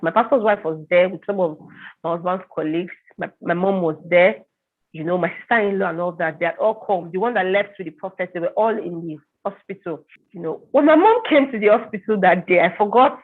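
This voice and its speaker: Tinny-sounding woman sharing a painful testimony. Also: medium pitch. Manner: halting, repeats words when upset. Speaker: interview guest. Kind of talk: emotional personal testimony. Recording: tinny phone-like line.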